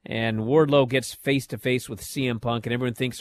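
A middle-aged man hosting a wrestling recap show, telling the matches in a lively, up-and-down casual way. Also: medium pitch, normal speed, hardly any pauses, no room sound. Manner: animated storytelling, swings loud and soft.

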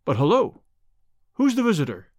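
A man's voice: high voice, huge pitch swings, normal speed, darkish tone, no echo, studio quality, full character voice. A man reading a story aloud, voicing a bold, defiant young man who protects the woman he loves.

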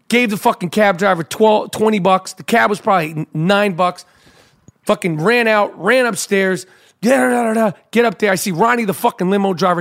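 A middle-aged man from a radio show telling a frantic, profanity-laced story and acting out his own panicked shouts. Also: high voice. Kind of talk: animated storytelling rant. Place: New York.

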